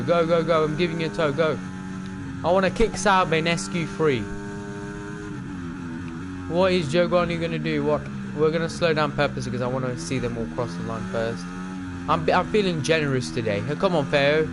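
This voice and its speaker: Young male streamer, excitable play-by-play of his own racing laps, engine roar behind. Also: on the high side, normal speed, background noise. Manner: excitable, talks to the other drivers. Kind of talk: live racing game commentary.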